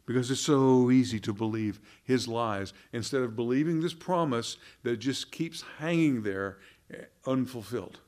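A man preaching a sermon, earnest, firing rhetorical questions and often repeating words, rising in pitch and volume for emphasis. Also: moderate pace, a little mellow.

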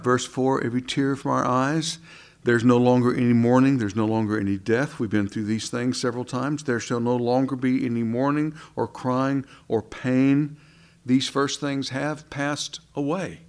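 Earnest man preaching a sermon. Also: mid-range voice. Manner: earnest, preaching with swings between soft and emphatic; conversational, asks the congregation questions.

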